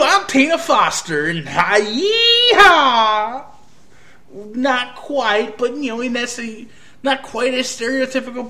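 A man from the United States talks through a review in a loose, hesitant way, often restarting his sentences. His voice sits a little high and sounds bright and forceful. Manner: hesitant, rambling, frequent restarts. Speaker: anime reviewer. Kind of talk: casual spoken review.

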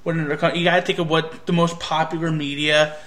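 Bright-voiced hesitant male reviewer. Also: fairly high pitch, flat delivery, fast. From United States. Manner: hesitant, rambling, frequent restarts. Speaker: anime reviewer. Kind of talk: casual spoken review.

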